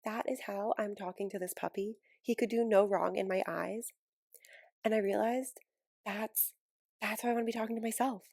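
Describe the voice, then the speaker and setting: A woman's voice: medium pitch, steady tone, moderate pace, vocal fry, a little mellow, dry recording, clean studio sound. A woman hosting a casual solo podcast, gushing and enthusiastic, laughing often between thoughts. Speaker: podcast host and healing coach.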